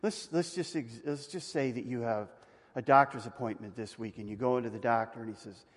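A male pastor preaching a conversational sermon, asking the congregation questions and rising to loud emphatic peaks. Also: mid-range voice, brisk, slightly rough. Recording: long reverb of a hall.

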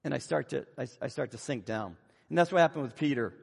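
A man preaching a sermon who tells Bible stories in a lively way and acts out the scenes. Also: medium pitch, quick pace, vocal fry, slightly rough. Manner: animated storytelling, acting out Bible scenes. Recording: long reverb of a hall.

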